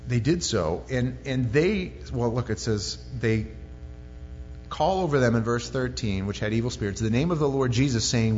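A man's voice: medium pitch, lively intonation, normal speed, a little mellow, a little hiss or hum. A male pastor preaching a sermon in a conversational, joking way with many asides. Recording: lo-fi sermon recording in a reverberant hall with faint music.

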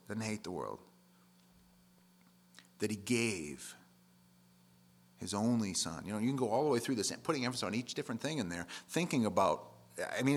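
A man's voice: fairly low pitch, fairly bright tone. A man preaching a sermon in a conversational, plain-spoken way, leaning hard on key words.

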